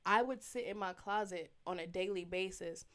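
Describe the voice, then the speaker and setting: Animated woman telling faith stories. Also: mid-range voice, moderate pace. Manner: animated storyteller, acts out her own past reactions. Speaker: podcast co-host. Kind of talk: casual faith chat.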